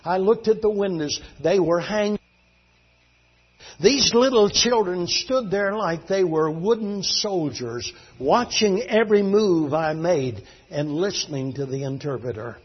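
A man preaching a sermon as a fervent, dramatic storyteller whose voice swings between hushed and loud. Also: high-pitched, lively intonation, unhurried, breathy edge. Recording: dull lo-fi recording.

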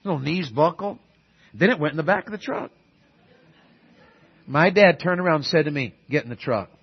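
A husky, slightly high-voiced man delivers a storytelling sermon about his family. He swings from hushed, low asides to loud, high bursts at the punchlines. The sound is dull and lo-fi. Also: moderate pace. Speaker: preacher.

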